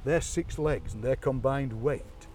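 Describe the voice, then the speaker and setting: A Yorkshire man tells stories on an outdoor walk, animated and quick to slip into other people's accents. His voice is of middling pitch. He is picked up from a little way off, out in the open air. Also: recorded from a distance. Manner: animated storyteller, mimics accents, laughs often. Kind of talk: chatty outdoor walk-and-talk. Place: outdoors by a graveyard.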